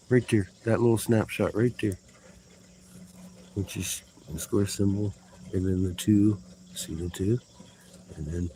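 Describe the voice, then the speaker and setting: A man's voice: low voice, noisy background. A man giving a rambling vlog monologue outdoors, swearing often and sounding agitated as he exclaims. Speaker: vlogger. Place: outdoors in a yard.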